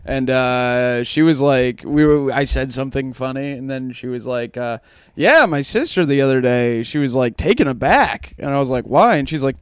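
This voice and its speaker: A man's voice: mid-range voice, expressive, moderate pace, smooth, no echo, clean studio sound. A man co-hosting a comedy podcast, telling stories in casual banter and laughing between lines.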